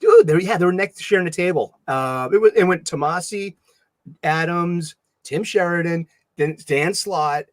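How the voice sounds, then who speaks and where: A man's voice: high voice, moderate pace, dry recording. Chatty Boston man with a dry close sound. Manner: rambling, animated storytelling with many restarts. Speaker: podcast co-host. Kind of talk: casual chat.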